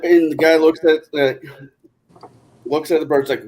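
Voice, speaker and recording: A man casually telling a long joke, animated and switching voices for the characters. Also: mid-range voice, a little fast. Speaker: co-host.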